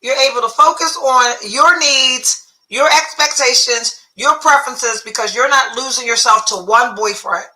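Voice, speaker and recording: High-voiced, bright woman podcast host. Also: normal speed, rough recording. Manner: blunt and profane, reading through a list. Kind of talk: casual chat.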